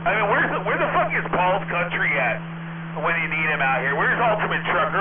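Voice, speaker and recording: A man's voice: sits high, sing-song, brisk. A man on a CB radio channel taunting another operator with profane insults and boasts. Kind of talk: heated on-air argument. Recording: tinny radio with loud static.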